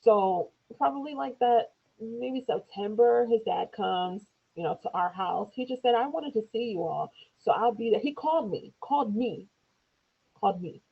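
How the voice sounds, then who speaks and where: A woman, an interview guest, telling a personal story in a loose conversational way, acting out quoted speech in higher voices. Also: lively intonation, moderate pace, gravelly, breathy edge. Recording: tinny phone-like lo-fi audio.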